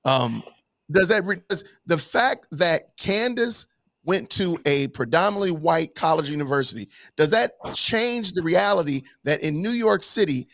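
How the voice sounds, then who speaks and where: A man's voice: a little high, lively intonation, moderate pace, a bit bright, no room sound. Emphatic man, dry close sound. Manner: emphatic, argumentative, full of rhetorical questions. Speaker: panel guest. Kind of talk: live online panel discussion.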